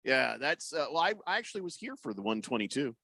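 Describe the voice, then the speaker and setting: A man's voice: medium pitch, quick pace, creaky, no room sound. A middle-aged man hosting a radio show, chatting casually and telling rambling stories, acting out voices in his anecdotes. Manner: rambling storyteller, animated, acts out voices in anecdotes. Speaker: radio host. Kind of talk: casual sports radio chat. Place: radio studio.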